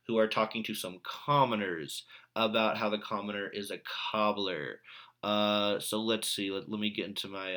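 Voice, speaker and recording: A man's voice: lowish voice, bright, forceful tone. A man recording a video lesson for his English class, talking in a casual, chatty way with mild sarcasm. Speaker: English teacher.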